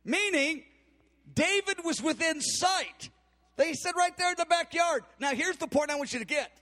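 A man delivers a sermon in a strikingly high voice, retelling a Bible story with animated energy. He slips into the voices of the characters as he goes. His voice carries a long reverb, as if filling a large church hall. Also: normal speed. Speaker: preacher.

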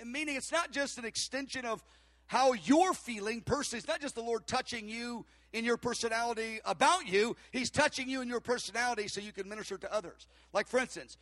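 A man's voice: very high voice, dry recording. A man preaching a sermon, telling a story and acting out the voices of the people in it. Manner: storytelling, acts out dialogue, animated. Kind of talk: sermon with anecdote.

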